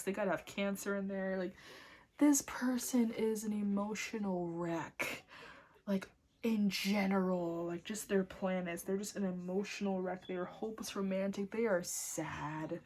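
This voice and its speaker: A young woman doing a casual tarot reading at home, talking in a lively, loose way with frequent swearing and exclamations. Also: medium pitch. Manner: animated, swearing, breaks into laughs and snatches of singing. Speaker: tarot reader.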